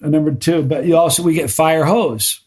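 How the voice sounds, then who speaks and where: A middle-aged man chatting casually as a podcast guest, telling animated stories and stumbling over repeated words when he gets going. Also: on the high side, normal speed.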